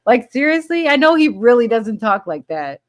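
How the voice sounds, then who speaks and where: A woman's voice: a little high, very animated, moderate pace. A woman hosting a casual live chat, reading viewer comments aloud and laughing often between remarks. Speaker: livestream host.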